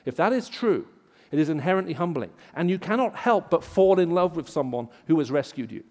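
A man with an English accent, raised in the Middle East, preaching a sermon in an auditorium and telling stories, rising loud for emphasis. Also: fairly high pitch, animated, fairly quick, long reverb tail. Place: large auditorium.

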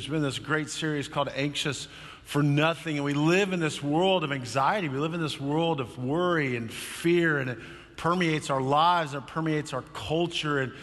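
A male pastor preaching a sermon in church, telling a story with lively energy and acting out quoted voices. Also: a little high, in a large hall.

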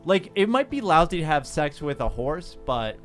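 A young man co-hosting a comedy podcast, joking loudly and swearing a lot in crude banter. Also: a little high, big pitch swings, normal speed, soft background music. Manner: loud, jokey, swears a lot. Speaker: podcast co-host.

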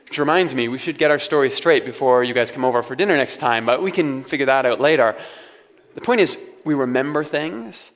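A man's voice: mid-range voice, lively intonation, fairly quick. A man preaching a sermon as pastor, talking to his congregation in a conversational way with wry humorous asides. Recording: long hall reverb.

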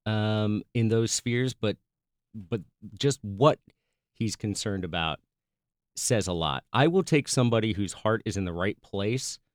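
A man chatting about politics in a measured, earnest way with some restarts. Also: lowish voice, expressive, clean tone, no room sound, studio quality. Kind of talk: casual political chat.

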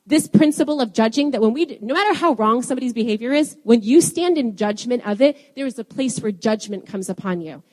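A woman's voice: a little high, lively intonation, a little fast, hardly any pauses, darkish tone. A woman preaching a sermon, telling a personal story and then quoting scripture with rising emphasis. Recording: long hall reverb.

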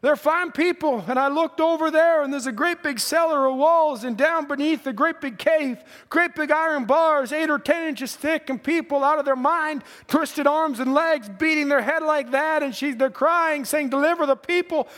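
A male preacher telling a dream in a sermon, earnest and halting, often repeating himself. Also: very high-pitched, fairly bright tone, in a large hall. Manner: earnest storytelling, halting repetitions.

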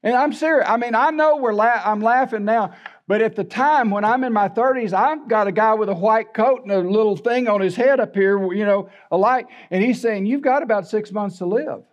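An older pastor preaches in a high, bright-pitched voice. He talks in a folksy, candid, humorous storytelling way. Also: moderate pace, dull audio. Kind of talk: sermon.

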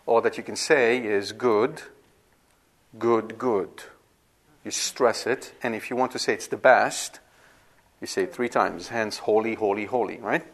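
A man's voice: fairly low pitch, unhurried, pauses often. A man teaching a class on scripture, explaining patiently and often asking "right?" to check the listeners are following. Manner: explanatory, repeats himself with frequent "right?" checks and restarts. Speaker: Bible teacher. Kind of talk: classroom lecture.

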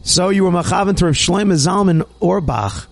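Podcast host, man, animated chat, high and gravelly. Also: moderate pace. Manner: animated, chatty, warm religious Jewish talk with Hebrew terms. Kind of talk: casual chat and read sponsor ad.

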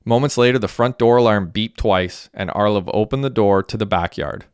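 A man reading a story aloud as a narrator, in a steady, even storytelling manner. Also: fairly low pitch, normal speed, clear, resonant tone, no echo, studio quality. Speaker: audiobook narrator. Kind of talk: scripted narration.

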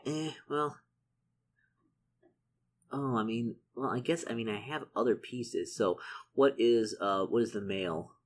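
A man playing a solo tabletop adventure, reading out the rules and shop lists and doing his sums aloud, easily excited. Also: medium pitch, a little slow, long pauses. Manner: excitable, muttering calculations. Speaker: solo tabletop game player. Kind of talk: casual narration of a solo gamebook.

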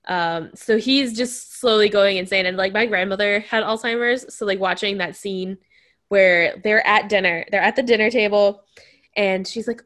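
A woman co-hosting a casual podcast chat, talking in an animated way and acting out quotes in a raised voice. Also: medium pitch, moderate pace. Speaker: podcast co-host.

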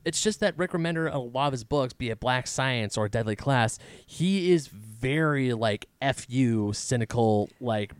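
A thoughtful man in a casual podcast chat who explains his views at length. His voice is crisp and clear. The sound is dry and close to the mic. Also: mid-range voice, animated, a little slow, hardly any pauses, dry recording.

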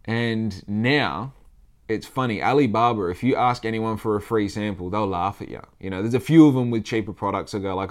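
A man's voice: lowish voice, normal speed. A man with an Australian accent talking casually in a rambling monologue, swearing freely and acting out the people he quotes.

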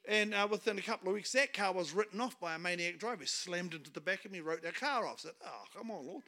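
Animated, bright-voiced New Zealand preacher man. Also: high-pitched, fast. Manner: humorous, animated, laughs at his own jokes. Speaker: guest speaker pastor. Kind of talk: storytelling sermon.

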